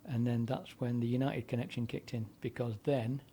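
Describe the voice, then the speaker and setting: This is a seventy-something man, a former DJ, spinning his life story for a podcast interviewer. His voice sits in a mellow, dark register at an ordinary pitch. He wanders through anecdotes with fillers and restarts. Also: fairly even intonation, normal speed, a little hiss or hum. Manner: rambling anecdotal delivery with frequent fillers and restarts. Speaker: guest, former DJ and broadcaster. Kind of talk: conversational storytelling.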